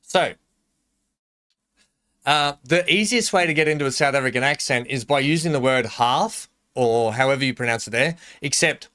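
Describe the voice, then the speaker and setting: A man's voice: on the high side, animated, normal speed, pushed and bright. A young adult man with an Australian accent, chatting casually on a live game stream, rambling and joking and laughing a lot as he reads out chat.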